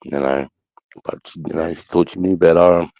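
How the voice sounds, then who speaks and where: A man's voice: deep voice, fairly even intonation, moderate pace, warm tone, dry recording. A middle-aged Australian man telling stories in casual chat, blunt and sweary. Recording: dull lo-fi sound.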